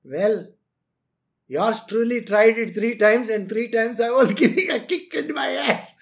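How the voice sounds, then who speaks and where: Spiritual teacher, lively delivery with wide pitch swings, frequent laughter, plays out quotes. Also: normal speed. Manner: animated, laughs often, acts out quotes. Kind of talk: lecture on renunciation.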